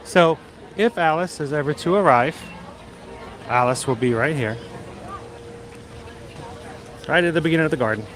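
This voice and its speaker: A slightly high, fairly bright male voice, a little fast, belongs to a livestream host strolling an outdoor theme park walkway. He chats casually, meanders and makes light jokes; a busy crowd and slight background noise come through.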